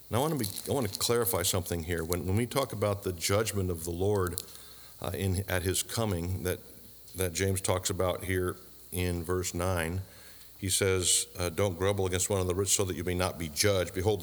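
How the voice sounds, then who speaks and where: A man's voice: sits low, big-room sound. A man preaching a sermon, asking the congregation questions and adding dry asides. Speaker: pastor.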